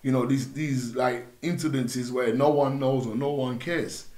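A young man with a London accent talks through his stories in a relaxed podcast chat. His voice sits at an ordinary middle pitch, and he acts out other people's voices as he goes. The room sounds roomy, with a little echo. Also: a little slow. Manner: animated storytelling, acts out voices in his anecdotes. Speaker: podcast guest.

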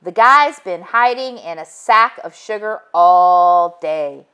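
A woman reading aloud, voicing a gruff police chief goose in a slightly lowered, matter-of-fact tone. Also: animated, slow, sharp tone, lo-fi sound, full character voice.

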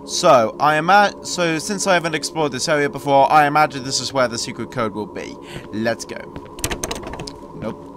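A young man commentating on a horror game, sarcastic and jumpy, shouting when startled. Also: mid-range voice, moderate pace, noisy background. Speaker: gameplay commentator.

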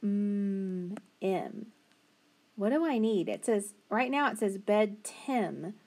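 A woman teacher leads young children through a phonics lesson, breaking words into single sounds and stretching them out slowly. She praises each answer in a patient, encouraging way. Her pitch sits right in the middle for a woman. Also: lively intonation, creaky, darkish tone.

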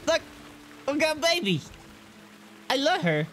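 A man's voice: extremely high pitch, big pitch swings, measured pace, a bit bright. A man commenting on his own playthrough of a zoo game, who gushes over the animals in baby talk and mutters to himself through the menus. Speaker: gaming channel host.

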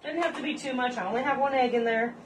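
A woman's voice: sits high, quick pace. A woman hosting a casual home cooking demonstration in her kitchen, chatty and rambling with joking asides to viewers. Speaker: cooking show host. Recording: distant mic with faint background noise.

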